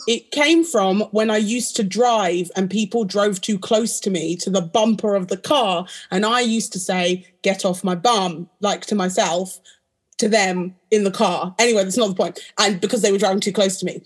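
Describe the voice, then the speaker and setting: A young woman co-hosting a casual chat podcast, telling a story in an animated, insistent way. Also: mid-range voice. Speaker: podcast co-host.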